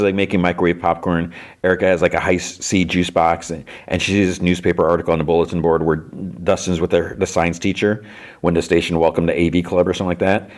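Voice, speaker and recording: A man hosting a podcast, casually recapping a TV episode in a rambling way full of fillers. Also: sits low. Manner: rambling, filler-heavy with lots of "like". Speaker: podcast host.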